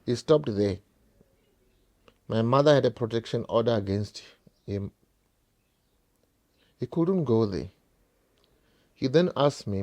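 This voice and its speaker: A man's voice: mid-range voice, lively intonation, slow pace, long pauses, darkish tone. A South African man telling a painful personal story straight to his viewers, repeating phrases and calling them guys. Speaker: vlogger.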